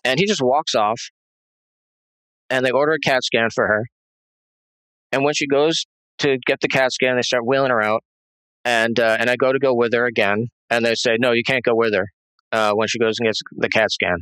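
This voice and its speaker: A man's voice: medium pitch, fairly even intonation, moderate pace, long pauses, fairly bright tone, clean tone, dry recording, poor audio. Rambling man telling a tense story. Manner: rambling, many restarts and fillers; tense, agitated retelling. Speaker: interview guest. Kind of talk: recounting a personal story.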